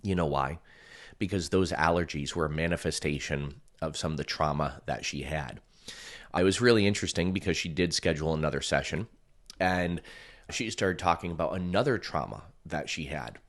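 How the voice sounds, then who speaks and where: A man and coach telling a personal story in a casual, chatty way, often using "like" and acting out what people said. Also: normal speed. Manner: animated, acts out quoted voices with big pitch jumps; chatty, filler-heavy with frequent "like". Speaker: energy healing and hypnosis coach.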